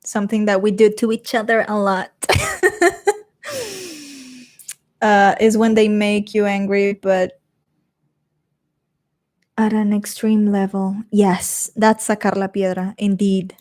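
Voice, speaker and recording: Slow-talking chatty woman. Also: mid-range voice, flat delivery, a little mellow. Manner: chatty, laughs often, reads comments aloud. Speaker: streamer reading live chat. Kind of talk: casual live-stream chat.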